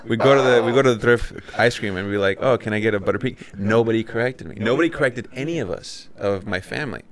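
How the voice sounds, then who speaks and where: A man's voice: mid-range voice, fast talker. A man who grew up in Mexico, a podcast guest telling loose, rambling stories with many restarts. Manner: rambling storyteller with frequent restarts. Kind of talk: casual chat.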